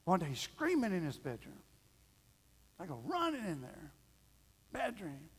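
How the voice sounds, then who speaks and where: Middle-aged male pastor, folksy storyteller, slightly high voice, church hall reverb. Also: very animated, moderate pace. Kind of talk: sermon. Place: church sanctuary.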